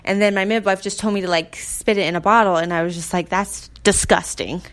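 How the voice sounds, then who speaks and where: A woman's voice: mid-range voice, steady tone, fast, fairly bright tone, clean tone. A young woman talks through her own story on a solo podcast in a loose, rambling way. Her speech is packed with fillers and restarts, and she breaks into laughter often. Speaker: podcast host. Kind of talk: casual solo podcast chat.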